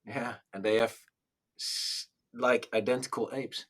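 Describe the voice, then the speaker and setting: A man's voice: mid-range voice, little pitch movement, a little slow, a bit bright. A man chatting casually on a podcast as a music coach, pushing his point with many restarts.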